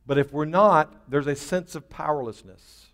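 A man preaching in a church with a fairly high voice that carries a long reverb through the room. He pushes his points out in emphatic bursts, then drops almost to a hush. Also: normal speed. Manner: emphatic, with rising bursts and dropping to a near hush. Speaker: pastor. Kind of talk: sermon.

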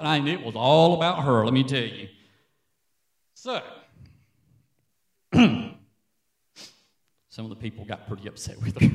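A man preaching a sermon as pastor from a church stage, an animated, joking storyteller. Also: medium pitch, creaky, roomy sound.

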